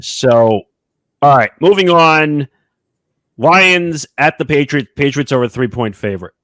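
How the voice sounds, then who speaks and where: A man co-hosts a sports podcast, reading out each matchup in a slow, drawn-out announcer style. His voice is dry and close, with no room sound. The rest is relaxed, casual chat. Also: fairly high pitch, no room sound. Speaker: podcast co-host.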